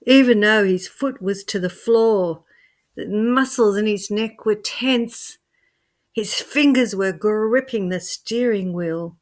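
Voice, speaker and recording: A woman telling a scary story in an expressive way, swinging from hushed to loud. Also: mid-range voice, takes it slowly. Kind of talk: dramatic spoken storytelling.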